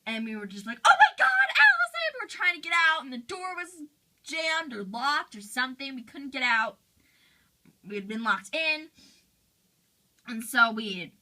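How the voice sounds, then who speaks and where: A woman's voice: on the high side, pushed and bright. A woman voicing a teenage girl in a fan role-play interview, retelling a frightening night with lots of "like". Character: teen girl friend, shaken storyteller.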